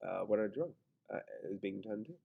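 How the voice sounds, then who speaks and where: A man with a lowish voice and some vocal fry runs a casual screen-recorded grammar lesson, thinking aloud and talking through his own mistakes. He's animated and quick, and the sound is phone quality.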